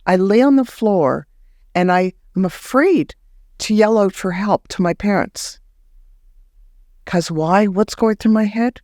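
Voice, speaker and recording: Woman guest, animated storyteller, dry recording. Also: dry recording. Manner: animated, acts out remembered words in a higher voice; halting restarts when recounting. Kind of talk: personal storytelling in a podcast interview.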